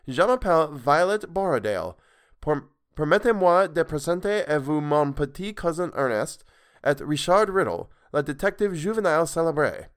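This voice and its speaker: A prim, bossy young girl reciting fossil names in a lifted, sing-song schoolgirl voice, as a male narrator puts her on. She speaks high and precise, a touch louder than the storyteller around her. An audiobook reading from a hobby storytelling podcast. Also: lively intonation, normal speed, few pauses, natural voice. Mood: careful French.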